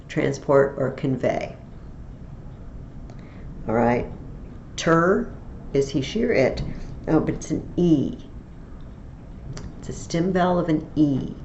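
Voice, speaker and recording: A woman with a fairly low voice teaches a Latin tutorial in a slow, patient, step-by-step way. Her voice sits in a roomy space with faint ambient noise, and the recording sounds a little muffled. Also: darkish tone.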